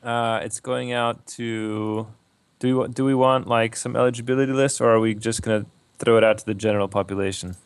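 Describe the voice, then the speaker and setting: A man's voice: mid-range voice, fairly even intonation, fairly quick, clear, resonant tone, no echo. A man co-hosting a live stream who reads the chat, runs giveaways and laughs often. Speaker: stream co-host running giveaways.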